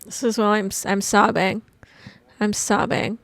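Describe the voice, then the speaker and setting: A woman casually recapping and reviewing a movie, rambling and chatty with lots of "like" and animated, exclamatory asides. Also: mid-range voice, unhurried, gravelly. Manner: chatty, rambling, heavy use of "like".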